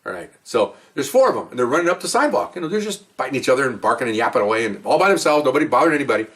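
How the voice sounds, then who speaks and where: Middle-aged cop guy rattling off stories fast, chatty and rambly, kinda far from the mic. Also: mid-range voice, very animated, fairly bright tone. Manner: rambling, chatty, with many asides and restarts. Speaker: police officer telling stories. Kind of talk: casual spoken storytelling.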